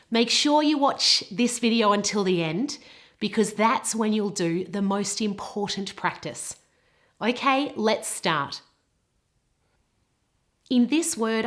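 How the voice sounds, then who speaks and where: A woman with a British English accent teaching pronunciation, modelling words slowly and carefully. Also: mid-range voice. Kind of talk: pronunciation lesson.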